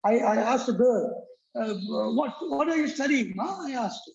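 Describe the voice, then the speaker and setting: A man teaching an English accent lesson, halting with many fillers and restarts, repeating words for drill. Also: very high voice, expressive, gravelly, darkish tone. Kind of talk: classroom-style lecture. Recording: roomy, dull lo-fi recording.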